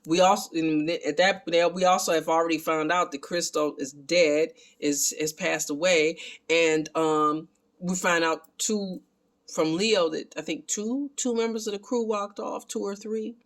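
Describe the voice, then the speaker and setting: Excitable man recapping a film. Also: a little high, unhurried. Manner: animated, excitable retelling; talks to viewers as family. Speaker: film reviewer.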